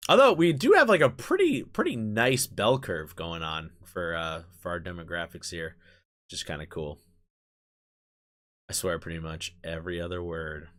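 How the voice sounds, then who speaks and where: A man with a somewhat low voice chats casually on his live stream. He rambles along with plenty of fillers and drops swear words as he goes. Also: big pitch swings, normal speed, a bit bright.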